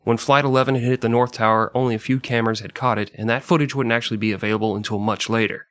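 A man's voice: mid-range voice, fairly even intonation, very fast, a bit bright, no echo. A man hosting a casual podcast, reading historical passages aloud and laughing often between them. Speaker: podcast host.

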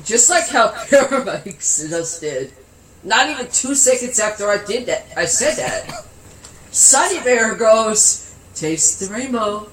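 A man with a high, lively voice spins a loose, funny anecdote, breaking into giggles and cursing without a second thought. He takes his time with it, in a roomy space with faint background noise. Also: slow pace. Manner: swears freely. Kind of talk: casual storytelling.

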